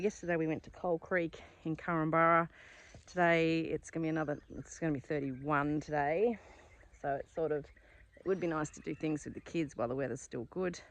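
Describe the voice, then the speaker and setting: A woman talks to camera as she walks through a paddock on her farm. Her speech is casual and rambling, full of small asides as she thinks aloud. It sounds like an unscripted outdoor vlog. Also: low voice. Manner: chatty and rambling, thinking aloud while walking. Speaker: flower farmer.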